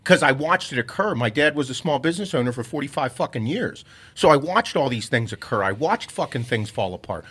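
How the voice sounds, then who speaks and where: A man's voice: medium pitch, expressive, fairly quick, a bit bright, husky. Profane, intense male podcast host. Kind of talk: casual podcast chat.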